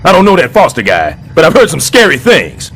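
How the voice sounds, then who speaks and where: A loud scheming cartoon building super. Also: male voice, fairly high pitch, brisk, slightly rough, heavily acted. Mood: blustering. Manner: boastful, excitable, sarcastic. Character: blustering middle-aged male building super, loud and scheming. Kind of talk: animated sitcom voice acting.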